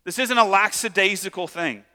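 A man preaching a sermon in a casual, conversational way, acting out lively asides. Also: high voice, normal speed, big-room sound. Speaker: pastor.

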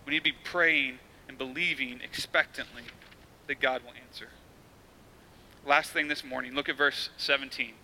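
A man's voice: medium pitch, steady tone, normal speed, pushed and bright, slight background noise, rough recording. A man in his thirties, a pastor preaching a sermon in a casual storytelling way, acting out quotes.

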